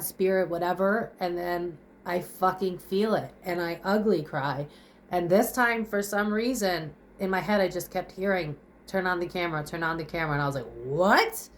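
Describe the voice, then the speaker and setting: In a fairly low voice with a bit of hiss or hum in the background, a young woman vents to the camera from her kitchen. This vlogger cries, gasps for breath, swears, and asks rhetorical question after rhetorical question in a blunt, raw confession.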